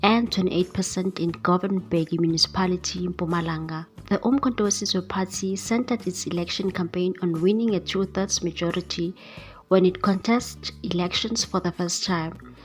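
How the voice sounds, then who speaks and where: Newsreader, woman, lowish register, steady scripted delivery, faint music underneath. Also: normal speed. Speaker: news presenter. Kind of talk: scripted news reading.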